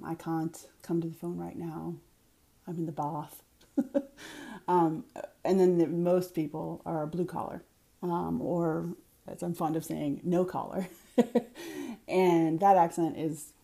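A woman from Boston talking casually to camera in a soft-spoken, hesitant way with many pauses and ums. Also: lowish voice, gravelly. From Boston, Massachusetts. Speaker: vlogger doing an accent challenge.

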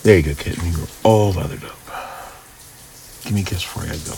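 Very deep gravelly man, slow murmur. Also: darkish tone, slight background noise. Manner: low murmuring with frequent whispers and sighs. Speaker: audio role-play performer. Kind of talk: intimate audio role-play.

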